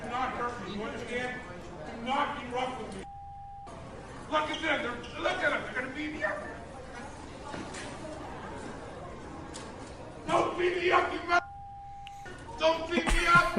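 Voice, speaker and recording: A man pleading and shouting at police during an arrest. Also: very high-pitched. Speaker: man being arrested in a news clip. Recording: crowded noisy news clip from far off.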